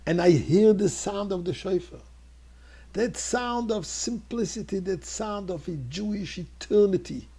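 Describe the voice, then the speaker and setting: An older male rabbi preaches and tells a story in a low, gravelly, husky voice. His tone is dark and mellow. He speaks earnestly and builds to fervent peaks. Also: a little slow. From Montreal. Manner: earnest, rising to fervent exclamations. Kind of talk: storytelling sermon.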